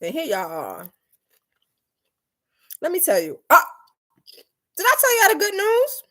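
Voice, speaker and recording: Chatty young woman on a late-night live stream. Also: very high-pitched. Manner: lively, chatty, quick mood swings, acts out her mom's lines. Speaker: live-stream host reading chat. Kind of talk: casual chat.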